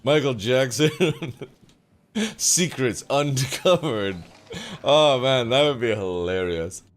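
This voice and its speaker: A young adult man streams a game live and chats casually with his viewers, joking and swearing freely. His voice is mid-range with lively intonation, and he takes things slowly.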